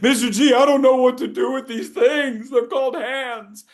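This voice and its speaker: A man's voice: extremely high pitch, steady tone, moderate pace, voice pushed up. A man imitating a flustered student who complains that he does not know what to do with his hands. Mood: exasperated.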